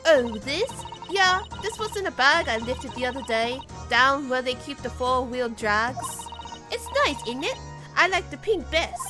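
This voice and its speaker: A woman's voice: sits high, lively intonation, a little slow, over music. A woman voicing a cocky young girl pickpocket with a put-on Cockney accent, brash and boastful. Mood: pleased. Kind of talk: streamer voicing game dialogue.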